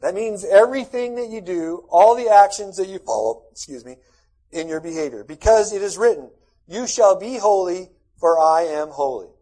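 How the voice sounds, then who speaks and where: A man's voice: sits high, animated, normal speed, mellow, low-quality recording. A middle-aged man pastor giving a conversational, folksy sermon with asides to the congregation.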